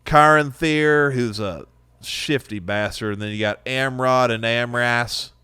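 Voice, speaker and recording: A man's voice: medium pitch, a little slow, sharp tone, smooth, no room sound. A man co-hosting a casual podcast chat about a book, cracking crude jokes. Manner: joking, crude wisecracks. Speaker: podcast co-host.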